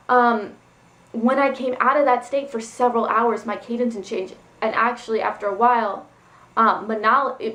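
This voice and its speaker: Woman vlogger, somewhat high voice, casual rambling story, echoey room. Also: fairly bright tone. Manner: rambling, loose, full of "like" and "um". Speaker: spiritual vlogger. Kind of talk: casual personal storytelling vlog.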